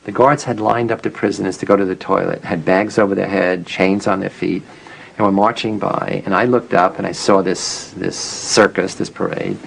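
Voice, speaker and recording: A man's voice: low voice, fairly even intonation, moderate pace, gravelly, slight background noise, rough recording. An older man being interviewed as a psychologist, reflective and self-critical.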